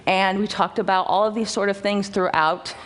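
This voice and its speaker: A woman's voice: medium pitch, fairly even intonation, moderate pace. A young woman giving a personal conference talk in a chatty, self-mocking way, often restarting her sentences, speaking into a stage microphone. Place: large auditorium stage.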